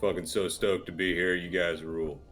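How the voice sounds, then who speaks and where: Deep-voiced brash tabletop player. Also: male voice, steady tone, normal speed, a bit bright, faint music behind. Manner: brash, enthusiastic, swears. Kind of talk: in-character play.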